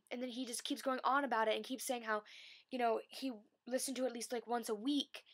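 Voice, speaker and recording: A young woman vlogging, telling a long excited story with lots of fillers and restarts. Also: on the high side. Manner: breathless, rambling, many fillers.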